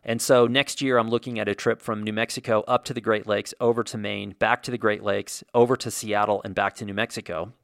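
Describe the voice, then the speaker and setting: A man's voice: on the low side, flat delivery, fairly quick, creaky, hardly any pauses, a bit bright, dry recording, clean studio sound. A man hosting a solo podcast, talking in a blunt, opinionated way and ranting with the odd mild swear. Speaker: podcast host.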